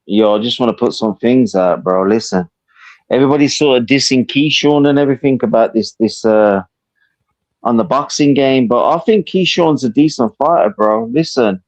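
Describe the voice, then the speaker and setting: A man in his fifties from the UK with a Birmingham accent, calling into a live stream and talking fast and animated, swearing freely and repeating "listen, bro". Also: mid-range voice, poor audio. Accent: Birmingham English. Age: 50s. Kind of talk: casual chat.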